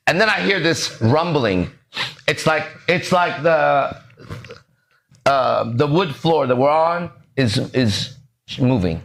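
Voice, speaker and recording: A man's voice: on the high side, sing-song, slow, gravelly, a bit bright. A man hosting a podcast, telling a story in a casual, profane way and acting out the other people's voices. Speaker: podcast host.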